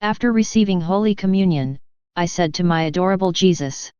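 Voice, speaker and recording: A woman giving a steady, reverent scripted reading of devotional writings in an even, measured way. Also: lowish voice, clean tone, dry recording, dull audio.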